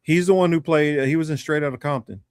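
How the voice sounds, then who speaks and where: A man co-hosting a livestream, talking casually in a rambling, halting way with lots of fillers. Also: fairly high pitch, clear, resonant tone, dry recording, clean studio sound. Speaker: livestream co-host. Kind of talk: casual chat.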